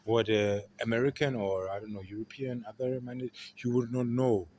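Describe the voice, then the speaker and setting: A man with a German accent, talking through a rambling podcast monologue and swinging between loud emphasis and quiet asides. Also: medium pitch, fairly even intonation, moderate pace, slight background noise. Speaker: podcast host. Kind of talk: casual monologue.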